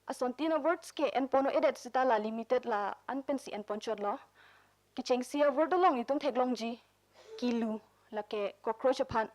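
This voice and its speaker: A woman's voice: on the high side, normal speed, darkish tone, rough recording. A woman with a Karbi accent giving an academic presentation at a workshop, explaining step by step and mixing technical English terms into her talk. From Northeast India. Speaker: conference presenter. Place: workshop hall.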